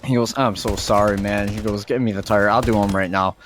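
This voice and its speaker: A man's voice: on the low side, fairly even intonation, fairly quick, background noise. A man co-hosting a casual podcast, telling a profane story and acting out what everyone said. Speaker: podcast co-host.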